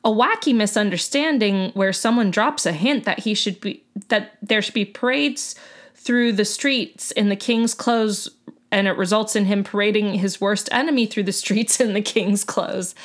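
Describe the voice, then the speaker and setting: Speaking at a moderate pace in a mid-range voice, this woman co-hosts a podcast. The conversation is casual and chatty, with frequent laughter and many ums.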